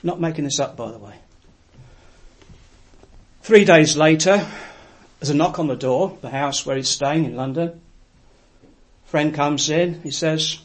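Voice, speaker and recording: Male preacher, fairly high voice, earnest reflective storytelling in a sermon. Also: unhurried, long pauses.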